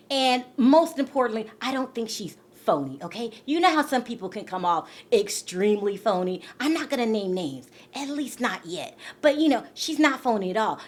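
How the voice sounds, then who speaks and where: A YouTube gossip vlogger from California chats casually to her camera about celebrity news in a mid-range voice. She's emphatic, repeats words for stress, and keeps asking her viewers "okay?"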